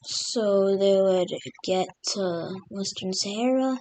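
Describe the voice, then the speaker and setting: A woman's voice: mid-range voice, slow pace, mellow, dry recording. A woman casually narrating over a map, rambling with many fillers. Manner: rambling, full of fillers like "literally" and "like". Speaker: map video creator.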